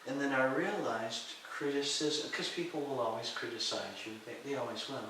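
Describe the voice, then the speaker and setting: A middle-aged man telling lively stories in an interview, acting out the voices of people he quotes and laughing often. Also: medium pitch, normal speed. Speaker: interview guest, martial arts and healing teacher. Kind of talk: storytelling in a conversational interview. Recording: echoey room, far from the mic, faint hiss.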